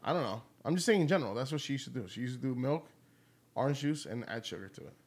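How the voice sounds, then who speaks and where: A man's voice: medium pitch, animated, quick pace. A man co-hosting a casual beer tasting chat, laid-back and teasing, swearing casually. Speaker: beer review podcast co-host.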